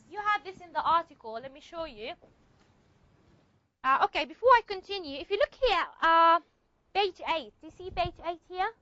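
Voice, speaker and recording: Her voice is very high-pitched, bright and forceful as she teaches a university linguistics class, explaining things step by step and making sure her students follow. The lo-fi recording has no echo but sounds a bit muffled.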